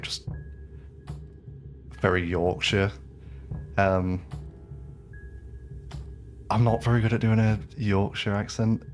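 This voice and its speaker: Rambling low-voiced English man. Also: a little mellow. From England. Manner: rambling, chatty, many fillers and restarts. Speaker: game streamer. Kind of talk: casual live-stream chat.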